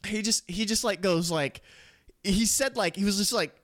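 A man's voice: high-pitched, moderate pace, a bit bright. A young man co-hosting a podcast, telling a rambling, profane story full of laughter in casual chat. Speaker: podcast co-host.

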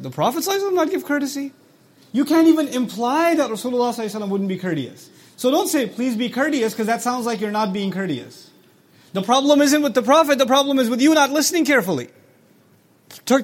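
A man lecturing on scripture, explaining words and quoting short Arabic passages, who asks his listeners questions and acts out quoted speech. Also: extremely high pitch. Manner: recites Arabic quickly between English explanations. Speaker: Quran teacher.

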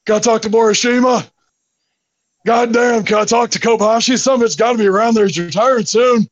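Man putting on a cocky wrestler tough guy, high and brash, dry lo-fi sound. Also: steady tone, fairly quick. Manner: loud, cocky, cussing prank-call bravado. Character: gruff swaggering male pro wrestler, brash.

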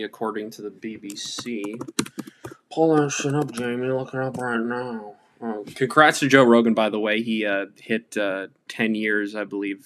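Bright-voiced irreverent male podcaster. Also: lowish voice. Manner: irreverent, profane, rambling with many fillers. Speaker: podcast host. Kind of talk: casual solo podcast monologue.

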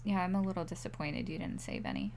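A woman's voice: lowish voice, huge pitch swings, fast talker, vocal fry, noisy background. A woman co-hosting a casual podcast, bantering and making self-deprecating jokes. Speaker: podcast co-host. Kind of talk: casual chat.

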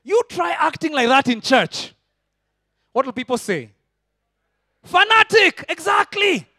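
Animated pastor, high and dry. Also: male voice, measured pace, no echo. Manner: animated, swinging from loud shouting to soft intimate tones. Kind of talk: sermon.

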